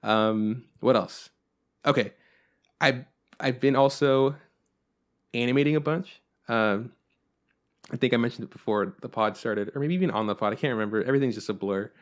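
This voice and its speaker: Young male podcast co-host, loose and rambling, swears freely, middle-pitched voice. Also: moderate pace, pauses often. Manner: rambling and profane, with frequent fillers. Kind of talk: casual chat.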